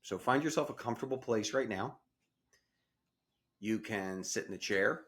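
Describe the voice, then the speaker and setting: Man, somewhat low voice, guided meditation, slow calm instructions, casual phrasing. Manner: casual wording with small restarts. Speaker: meditation teacher.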